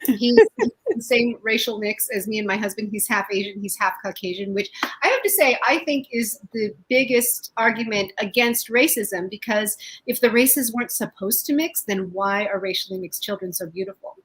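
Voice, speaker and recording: A woman in her fifties doing a stand-up set, telling stories with deadpan punchlines and laughing often. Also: mid-range voice, normal speed, slightly rough, low-quality recording. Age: 50s. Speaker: stand-up comedian. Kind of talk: stand-up set, casual storytelling.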